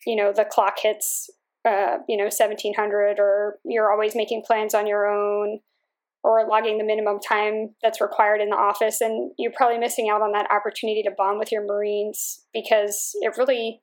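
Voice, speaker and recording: A woman Marine Corps aviator, answering interview questions in a measured, reflective way with frequent fillers. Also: fairly high pitch.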